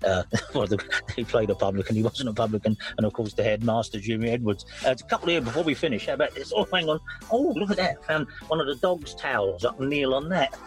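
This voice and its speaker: A man's voice: mid-range voice, expressive, fast talker, soft background music. A man hosting a radio show, chatting in a jokey, rambling, self-mocking way from the studio. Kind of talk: casual radio chat.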